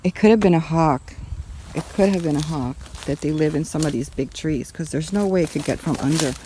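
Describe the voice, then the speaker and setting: A woman's voice: sits low, fairly quick. Woman, casual vlog, confiding tone, outdoors on a farm, handheld camera, faint background noise. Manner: confiding, talks to viewers while walking outdoors. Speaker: homestead vlogger. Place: outdoors on a rural property by a chicken coop.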